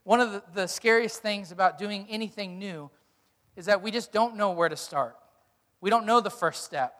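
A man's voice: sits high, moderate pace, fairly bright tone, in a large hall. A male pastor preaching a sermon, emphatic, with repeated rhetorical questions.

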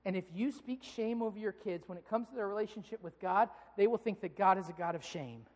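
A man's voice: high voice, brisk. Pastor guy in his 30s preaching, earnest, gets worked up telling stories, big echoey church hall. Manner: earnest, builds to animated acted-out anger in stories. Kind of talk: sermon. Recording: long reverb of a large hall.

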